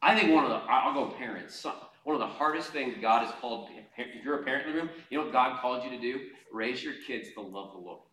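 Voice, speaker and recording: A man's voice: mid-range voice, fast talker, hardly any pauses. Impassioned preacher man, echoey hall. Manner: impassioned, swinging between loud urging and quiet asides; conversational, calls on the congregation. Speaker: pastor. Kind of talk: sermon. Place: church hall before a congregation. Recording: echoey hall, mic at a distance.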